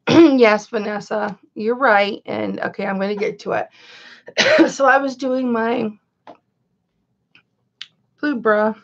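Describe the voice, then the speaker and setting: A woman's voice: a little high, gravelly. Woman, livestream host, chatty, calls herself Mama, dull lo-fi audio. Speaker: live-stream host and reseller. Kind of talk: chatty livestream talk to viewers.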